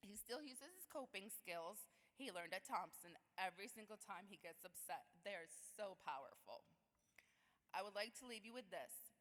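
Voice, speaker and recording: A woman's voice: medium pitch, lively intonation, moderate pace, fairly bright tone. A woman, a parent, giving a heartfelt prepared speech at a luncheon, with small slips and restarts. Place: large banquet hall. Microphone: podium microphone. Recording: long hall reverb.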